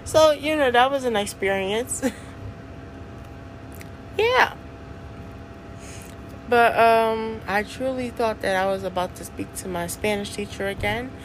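A woman's voice: fairly high pitch, slow, long pauses. Young woman, solo podcast host, slangy casual chat, frequent laughs, faint background noise. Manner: chatty, laughs often, slangy.

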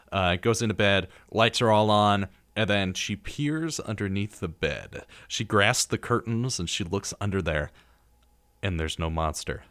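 Young man, radio host, low voice, dry studio sound, rambling storyteller. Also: clear, resonant tone, dry recording. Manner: relaxed storyteller, acting out scenes with many ums. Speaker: radio talk show host. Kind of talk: casual chat about horror movies.

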